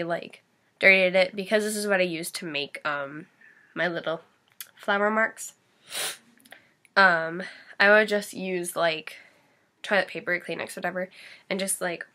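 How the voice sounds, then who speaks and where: Her voice is fairly low and sharp-toned. This young woman, a makeup vlogger with a painted face, rambles and giggles her way through a casual tutorial, full of "likes" and "ums," while sniffling and sneezing.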